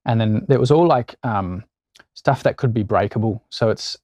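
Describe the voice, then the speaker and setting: An Australian actor guest telling anecdotes in a casual interview, animated and acting out quoted voices. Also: male voice, lowish voice, moderate pace, dry recording.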